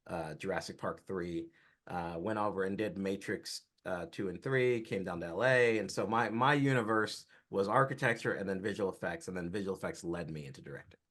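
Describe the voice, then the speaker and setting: This man from Georgia speaks in a somewhat low voice and answers interview questions in a relaxed, explanatory way. He is a film director, and he tells his story at an easy, unhurried pace. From Atlanta, Georgia, US.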